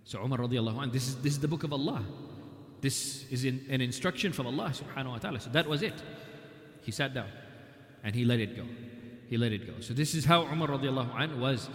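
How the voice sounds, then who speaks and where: A man's voice: mid-range voice, fast, a bit bright. Man lecturing in an echoey hall. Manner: retells with quoted dialogue and recited scripture. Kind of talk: weekly religious history lecture. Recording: echoey hall with long reverb.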